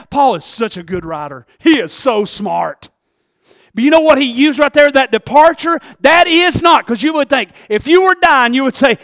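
A male pastor preaching a sermon in a repetitive, conversational way, swinging between loud exclamations and hushed, low asides. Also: expressive, normal speed, no echo, studio quality.

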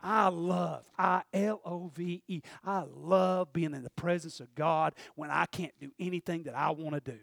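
A man preaching a fervent sermon, moving between loud shouted peaks and quiet, confiding asides. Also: fairly high pitch, steady tone, normal speed, vocal fry, hardly any pauses, no room sound, studio quality. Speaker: pastor.

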